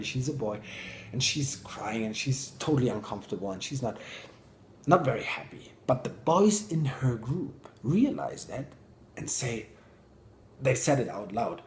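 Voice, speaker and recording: Guy doing a motivational talk, animated, whispers sometimes, echoey room. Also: medium pitch, slight background noise. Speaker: speaker. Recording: roomy echo.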